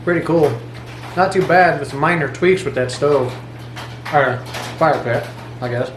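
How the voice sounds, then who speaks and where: A man's voice: a little high, a little slow, roomy sound, slight background noise, rough recording. A man cooking outdoors by a fire pit in the rain, joking and laid-back in casual chat.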